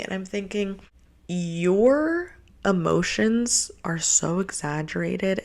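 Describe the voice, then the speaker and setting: Young female host, low gravelly voice, blunt and profane, casual advice rant. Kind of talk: casual relationship-advice monologue.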